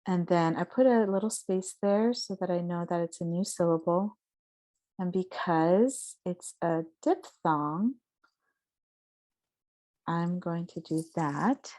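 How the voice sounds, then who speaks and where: Woman voice teacher, unhurried, casual lesson delivery, demonstrates sounds as she explains. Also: on the low side, warm tone.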